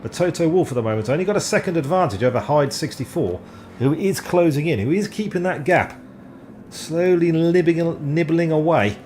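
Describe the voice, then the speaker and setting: A man giving live, rambling commentary on an online sim race, excitable and often stumbling over driver names. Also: on the high side, a little hiss or hum.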